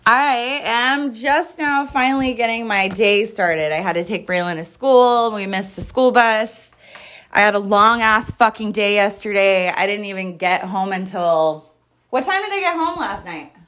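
A woman hosting a casual podcast, venting with lots of swearing in animated storytelling. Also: medium pitch, a little slow. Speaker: podcast host. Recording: echoey room.

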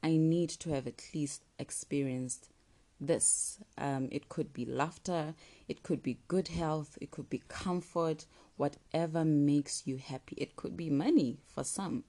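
Low, mellow-voiced woman giving encouragement. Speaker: motivational speaker. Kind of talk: motivational talk.

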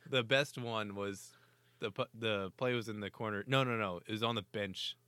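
A man's voice: on the low side, steady tone, moderate pace, pushed and bright, clear, resonant tone, dry recording. A man co-hosting a hockey chat, telling stories animatedly, laughing and swearing. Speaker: hockey podcast co-host. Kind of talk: casual sports banter.

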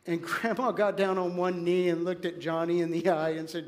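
High-voiced animated pastor, a man. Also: moderate pace, few pauses. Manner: animated storytelling, acts out quoted voices; drops to quiet, earnest tone for application. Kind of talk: sermon.

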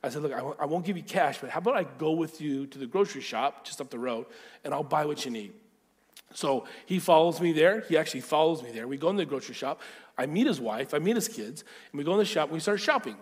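A man preaching a sermon through lively personal stories, acting out the voices in them. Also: a little high, quick pace, big-room sound. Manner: animated storyteller, acting out quotes. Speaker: pastor. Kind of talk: storytelling sermon.

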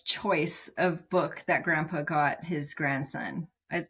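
A woman's voice: low-pitched, slow, fairly bright tone, slightly rough. A woman from the West Coast, a guest on a podcast, musing aloud in a wry, casual chat. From West Coast, United States.

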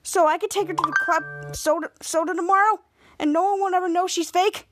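A woman voicing an excitable teenage boy who sounds flustered and eager. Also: very high voice, a little fast, background noise, pitched above the performer's own voice.

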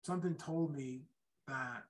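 A middle-aged man telling his own life story in a casual, halting way, with many restarts and a habit of checking in with "right?". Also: medium pitch, rough recording. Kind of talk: casual spoken testimony.

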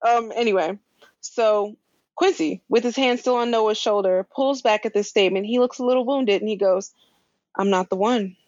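Casual woman podcaster, lively storyteller, dry muffled mic. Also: mid-range voice, normal speed, no echo. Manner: animated storytelling with laughs and slangy asides. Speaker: podcast co-host recapping a show. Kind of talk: casual chat.

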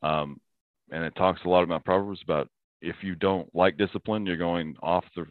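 A man with a very low voice talks earnestly in a relaxed interview, quick to quote a proverb and to laugh. The sound is thin and narrow, like a phone line. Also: no room sound. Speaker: podcast guest. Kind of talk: casual interview talk.

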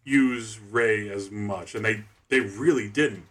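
A man co-hosts a podcast chat and explains his points at a measured pace. His voice sits somewhat low. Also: fairly bright tone. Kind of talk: casual chat.

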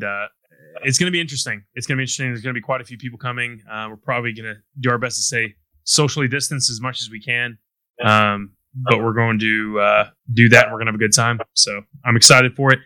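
Relaxed dude co-hosting, bright sharp tone, super dry close mic. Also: male voice, medium pitch, clean tone, no echo, rough recording. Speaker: co-host. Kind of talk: casual chat.

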